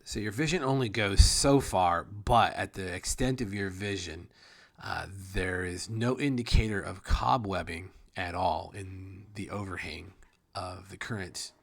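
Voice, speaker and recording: A man's voice: sits low, unhurried, gravelly. A man narrating a tabletop game as game master, describing scenes with frequent restarts.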